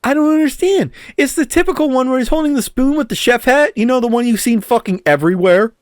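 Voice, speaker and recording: A man's voice: very high voice, fast talker, dry recording, studio quality. A man co-hosting a podcast, ranting in casual chat and swearing a lot. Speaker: podcast co-host.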